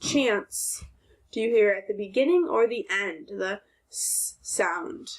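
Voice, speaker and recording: A woman teacher giving a recorded phonics lesson to second graders, sounding out words clearly and answering her own questions. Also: medium pitch, normal speed.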